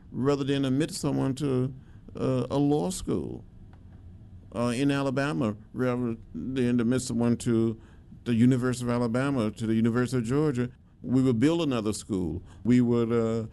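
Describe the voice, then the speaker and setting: An older man, telling his history slowly and with emphasis, pausing on his words. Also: mid-range voice, creaky, dark tone. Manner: measured storytelling with emphatic pauses and fillers. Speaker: interviewee, civil rights veteran. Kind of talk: reflective oral history interview.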